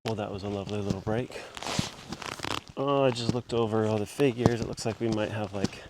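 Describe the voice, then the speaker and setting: A man chatting casually while out on a long-distance hike. He rambles in a relaxed way with plenty of fillers, talking into a small body-worn mic. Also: fairly low pitch, a little fast. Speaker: long-distance hiker vlogging his walk. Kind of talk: casual walking vlog. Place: outdoors on a lochside walking trail. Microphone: small body-worn mic with gear knocking on it. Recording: loud outdoor noise with thumping on the mic.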